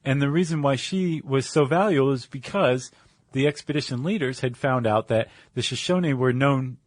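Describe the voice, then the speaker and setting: A man co-hosting a chatty podcast, rambling along with plenty of "like" and "um." His voice is mid-pitched and sounds very dry and close to the mic. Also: moderate pace, dry recording. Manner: loose, rambling, full of "like" and "um". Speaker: podcast co-host. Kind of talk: casual chat.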